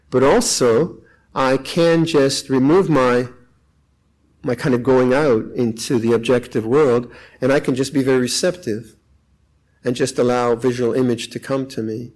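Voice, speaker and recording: An older man, a monk, giving a calm, reflective meditation talk with frequent pauses at a retreat. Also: mid-range voice, poor audio. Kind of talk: dharma talk.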